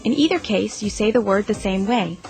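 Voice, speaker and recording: A woman's voice: mid-range voice, a little fast, vocal fry, darkish tone, soft background music. A woman reading scripted instructional narration in a plain, explanatory way.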